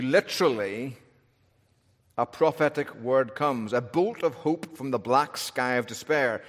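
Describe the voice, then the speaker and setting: A man's voice: medium pitch, expressive, moderate pace. A man preaching an expository sermon, telling the story with wry humor and shifting emphasis. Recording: long hall reverb.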